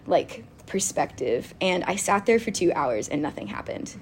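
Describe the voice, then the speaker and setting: A woman chatting casually about faith and telling a personal story, animated and quick to laugh, with lots of "like". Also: on the low side, slight background noise. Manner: animated and giggly, with frequent laughter and filler "like".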